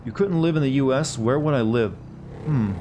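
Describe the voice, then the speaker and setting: An American man streaming a game, chatting in a relaxed way and swearing casually. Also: medium pitch, normal speed, background noise. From United States. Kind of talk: casual gameplay commentary.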